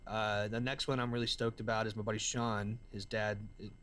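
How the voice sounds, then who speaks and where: A Southern American man with a lowish voice speaks a little fast as an interview guest. He's a musician and entrepreneur and an excitable storyteller, using casual slang like "man" and "dude."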